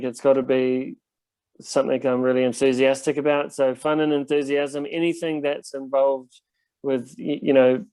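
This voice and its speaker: A man's voice: medium pitch, darkish tone, clean tone, no echo. Laid-back New man, dry sound. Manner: laid-back, rambling storyteller with many fillers. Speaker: touring band musician. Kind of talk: casual interview chat.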